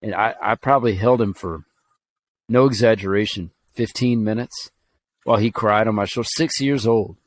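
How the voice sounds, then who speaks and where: A man's voice: on the low side, normal speed. A man from Alabama telling a personal story on a podcast, earnest and rambling, with fillers and restarts. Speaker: podcast co-host.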